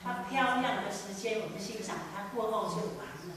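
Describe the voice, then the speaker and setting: A woman in a dharma class explaining her understanding in a measured way. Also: medium pitch. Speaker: student sharing understanding. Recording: echoey hall, recorded from far off, noisy.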